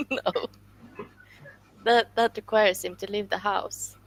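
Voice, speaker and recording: A woman's voice: mid-range voice, steady tone, slow, poor audio. A woman co-hosting a podcast, laughing often and telling a funny story with dry quips. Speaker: podcast co-host. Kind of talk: casual chat.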